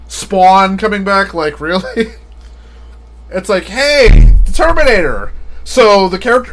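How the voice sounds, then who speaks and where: A man's voice: high voice, fairly bright tone. A man chatting casually on a live stream, rambling and often laughing at his own jokes.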